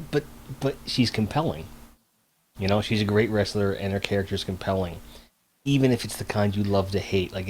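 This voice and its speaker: A man's voice: on the low side, darkish tone, slight background noise. A man co-hosting a casual podcast, blunt and opinionated, swearing freely. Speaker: podcast co-host. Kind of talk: casual chat.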